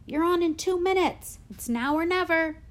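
A woman voicing a hot-tempered middle-aged male school drama director, loud and exasperated in a storybook reading. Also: extremely high pitch, normal speed, pitched above the performer's own voice. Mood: urgent.

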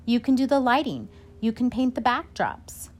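A woman's voice: on the high side, lively intonation, normal speed, a little mellow, voice pushed up. A woman voicing an earnest, bossy schoolgirl who talks emphatically and scolds. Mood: eager.

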